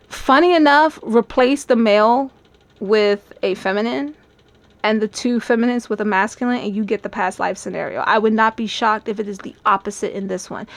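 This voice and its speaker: A woman's voice: medium pitch, gravelly, dry recording. A woman giving a tarot love reading in a chatty, musing way, often laughing and acting out people's thoughts. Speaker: tarot reader. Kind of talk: channeled tarot reading to camera.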